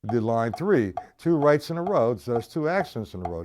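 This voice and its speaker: Man, drum teacher, live stream lesson, lively pitch, conversational, repetitive. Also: fairly quick, heavy background noise. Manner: animated, conversational, repeats points, checks in with viewers. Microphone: live stream camera mic.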